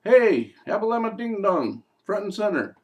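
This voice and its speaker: A man's voice: sits high, very animated, normal speed, voice pushed up. A man voicing a bossy male chief demon who teases an underling in a casual, offhand way. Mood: mocking.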